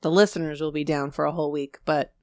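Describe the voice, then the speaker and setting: A woman's voice: low-pitched, fairly even intonation, fast, darkish tone, no echo, studio quality. A young woman co-hosting a casual podcast, joking, swearing and teasing as she chats. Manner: swearing, laughing, teasing banter. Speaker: podcast co-host. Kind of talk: casual chat.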